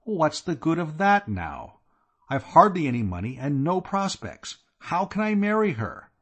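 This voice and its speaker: A man voicing a despairing young gentleman who talks in a fretful, plaintive way. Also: fairly high pitch, wildly swooping pitch, a little slow, pitched above the performer's own voice, full character voice.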